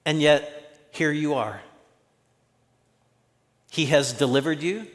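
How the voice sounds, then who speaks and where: A man's voice: on the high side, takes it slowly, in a large hall. A man preaching a conversational sermon as a pastor, acting out the voices he quotes.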